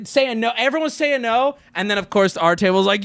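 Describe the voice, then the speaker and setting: A man streaming to his chat, telling a travel story in a lively way and jumping into squeaky put-on voices for the people he quotes. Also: a little fast, no echo, soft background music. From United States. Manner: lively, swings into high squeaky voices when quoting people.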